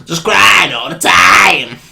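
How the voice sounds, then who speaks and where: A man doing a rough impression of a famous rock-and-roll singer, belting a lyric over and over in a strained, cracking high voice. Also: animated, slow, raised voice, very noisy, exaggerated voice.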